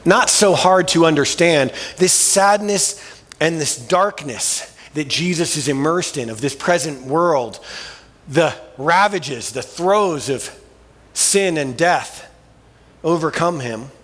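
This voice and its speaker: A man's voice: a little high, animated, slow, fairly bright tone, in a large hall. A male pastor preaching a sermon in a casual, colloquial storytelling way, full of vivid everyday asides. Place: church sanctuary.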